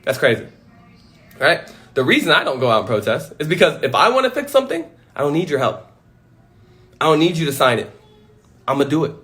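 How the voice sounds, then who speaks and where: Animated, profane man ranting on a livestream. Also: fairly high pitch, a little fast, long pauses. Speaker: livestream host. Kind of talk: casual livestream rant. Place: home. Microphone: phone.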